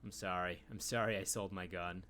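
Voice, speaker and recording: A man's voice: sits low, fairly even intonation, fairly quick, fairly bright tone, slight background noise. A man streaming a video game, rambling casually and humming filler syllables while he thinks. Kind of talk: casual let's-play commentary.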